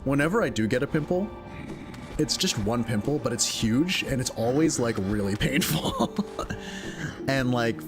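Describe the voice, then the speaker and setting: A young man talks casually while he streams a video game, rambling from one thought to the next. His pitch swings widely as he goes, and he laughs often. Game music plays clearly underneath his voice. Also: animated, moderate pace. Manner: rambling, chatty, laughs often, full of filler words; jumps into high squeaky voices when quoting others. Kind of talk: casual gameplay commentary.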